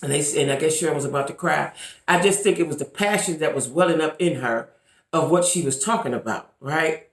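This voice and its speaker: A woman's voice: low-pitched, fairly quick, reverberant. A woman vlogging to camera in casual commentary, emphatic and repetitive, talking straight to her viewers. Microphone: camera mic.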